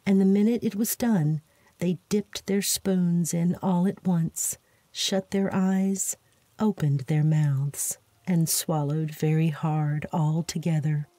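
Female narrator for a sleep story: slow, mellow, dry close sound, gentle fairytale reading. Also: lowish voice, fairly even intonation, no echo. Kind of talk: soft bedtime story reading.

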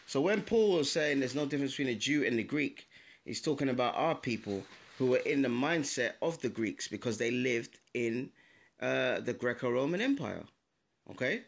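A man's voice: mid-range voice, lively intonation, gravelly. A man giving an informal, emphatic Bible teaching to camera, speaking straight to his viewers and reading out references. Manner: emphatic, addresses viewers directly, pauses to check sources. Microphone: camera mic, adjusting camera while talking.

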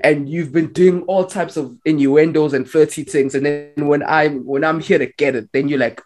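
A man's voice: on the high side, normal speed, faint music behind. A young man telling a story on a podcast, acting out the lines he quotes. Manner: animated, acts out quoted lines. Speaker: podcast co-host. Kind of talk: casual storytelling among friends.

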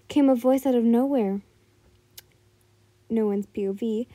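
A woman's voice: fairly high pitch, a little slow, pauses often, mellow, no room sound. A woman reading fan fiction aloud, often stumbling over words and correcting herself.

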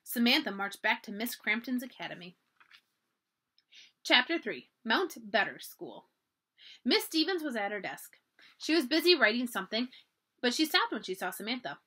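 A woman's voice: a little high, normal speed, pauses often. A woman reading a children's chapter book aloud for a library, telling it expressively. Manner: expressive, animated storytelling. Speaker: library storytime reader.

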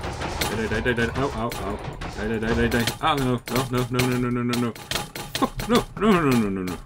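A young man giving casual, chatty commentary while playing a game, excitable and swearing freely. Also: mid-range voice, noisy background. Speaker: gamer.

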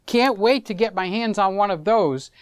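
A middle-aged man hosting a camera vlog, telling a story to the camera in a casual, animated way. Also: sits high, moderate pace, a little hiss or hum. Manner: animated, acts out conversations, chuckles often. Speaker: camera reviewer, vlog host.

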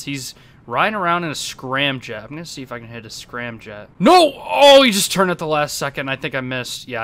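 A young man giving casual, excitable commentary over his own gameplay, laughing often and talking to himself. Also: mid-range voice. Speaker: gaming YouTuber.

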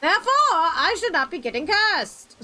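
A woman voicing a pedantic female rules lawyer, speaking slowly and over-precisely. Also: extremely high pitch, lively intonation, sharp tone, exaggerated voice. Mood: smug. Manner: slow, formal, over-precise.

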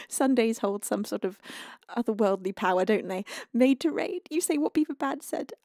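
Girl streamer thanking donors, highish voice, teary and giggly, dead dry close mic. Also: lively intonation, unhurried, warm tone, dry recording. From United Kingdom. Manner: gushing, emotional, laughing often. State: tearful, close to crying. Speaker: livestreaming singer. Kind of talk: casual chat reading donations.

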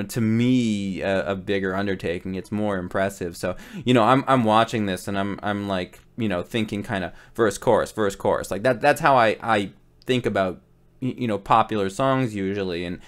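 A man, a rock guitarist, talking casually as he reacts to a cover, rambling with many restarts and fillers. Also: lowish voice.

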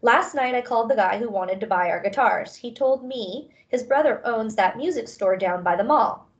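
A woman reading a soft-spoken earnest father. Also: fairly high pitch, animated, normal speed, lo-fi sound. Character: father, gentle and earnest, middle-aged.

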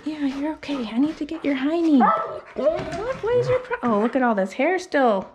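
A woman grooming a dog, talking casually and coaxing it softly as she works. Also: high voice, expressive, normal speed, heavy background noise. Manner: soothing and coaxing, talks to the dog. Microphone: phone.

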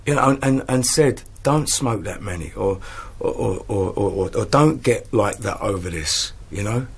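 Husky, earnest man. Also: lowish voice, lively intonation, moderate pace. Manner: earnest, stumbling repetitions. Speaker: reality show housemate. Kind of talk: earnest personal talk.

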